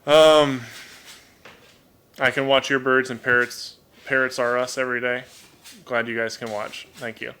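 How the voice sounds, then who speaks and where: Man, live-stream host; very bright tone, chatty, apologetic, restarts words often. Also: mid-range voice, little pitch movement, a little slow, long pauses, clean tone. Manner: chatty, apologetic, repeats words while thinking. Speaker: livestream host and toucan keeper. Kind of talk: casual live-stream chat. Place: home room. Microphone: desk microphone.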